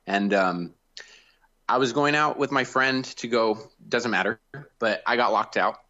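A man calling in to an advice show, talking hesitantly with many pauses and restarts. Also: mid-range voice, pushed and bright. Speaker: caller. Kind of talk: call-in conversation. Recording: dull lo-fi call line.

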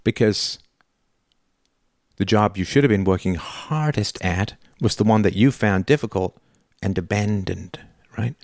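A man's voice: on the low side, unhurried, a little mellow, no room sound, studio quality. A man hosting a call-in show, playing a son who confronts his father in a heated, emphatic and sarcastic way, swearing as he goes. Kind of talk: call-in show role-play.

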